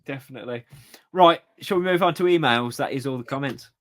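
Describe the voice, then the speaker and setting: A man's voice: mid-range voice, fairly quick, fairly bright tone. A man co-hosting a running podcast, easygoing and agreeable, reading listener comments. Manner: easygoing, agreeable, frequent yeahs. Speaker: podcast co-host.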